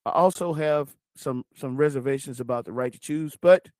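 A man's voice: medium pitch, moderate pace, darkish tone, no echo. A man hosting a political podcast, speaking straight to his listeners as folks. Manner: addresses listeners directly as folks. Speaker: podcast host.

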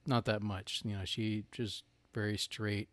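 A man's voice: fairly low pitch, level tone, measured pace, a bit bright, no room sound. A man from North Carolina co-hosting a podcast in casual chat, rambling with lots of "like" and "you know" and laughing easily. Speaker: podcast co-host.

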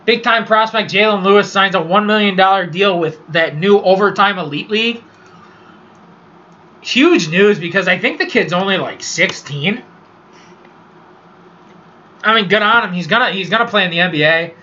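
High-pitched, bright-voiced sports ranting guy. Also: moderate pace, long pauses. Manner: profane, rambling sports rant. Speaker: podcast host. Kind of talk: casual solo sports podcast. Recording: dull lo-fi recording.

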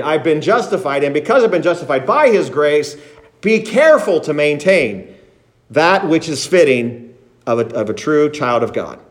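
A pastor preaching a sermon to his congregation, reading scripture aloud and repeating phrases for emphasis. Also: on the high side.

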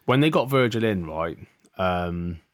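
A man's voice: low voice, expressive, a little slow, dry recording, studio quality. A young man co-hosting a podcast, chatting casually about football, swearing freely and often asking "do you know what I mean.". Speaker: podcast co-host.

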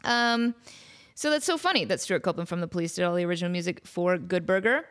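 A woman in her thirties hosting a comedy podcast, talking in a chatty, animated way and slipping into silly voices. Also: fairly low pitch, fast. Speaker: podcast host. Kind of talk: casual comedic monologue.

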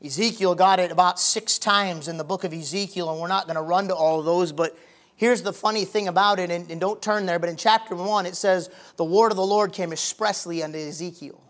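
A male pastor preaching a sermon in a folksy, plain-spoken way, moving from quiet talk to loud, emphatic fervor. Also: high voice, fairly even intonation, brisk. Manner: colloquial, plain-spoken phrasing.

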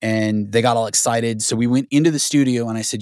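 A man tells a long story as a podcast guest, talking in an animated rush full of restarts and "like". His voice sits at an ordinary middle pitch, and the sound is dry and close, with no room echo. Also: a little fast, few pauses. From Southern California. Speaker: guest, record producer. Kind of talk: casual storytelling interview.

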